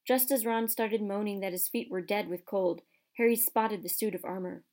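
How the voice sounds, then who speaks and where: A woman narrating a storybook in a soft, measured, hushed way. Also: medium pitch. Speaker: audiobook narrator.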